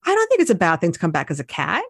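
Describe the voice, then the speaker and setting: A woman's voice: lowish voice, wildly swooping pitch, racing, husky, no echo, studio quality. A woman co-hosting a podcast, chatting casually and upbeat, explaining things from her prepared notes. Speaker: podcast co-host. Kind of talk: casual chat.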